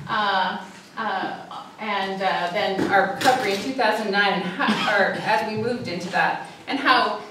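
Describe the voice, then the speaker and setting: A woman's voice: mid-range voice, a bit bright. Social worker, woman, hesitant storyteller speaking from a distance in a big echoey hall with faint room noise. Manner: storytelling, acts out cries for help; hesitant, many fillers. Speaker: social worker giving a talk. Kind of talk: public talk with slides. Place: church hall.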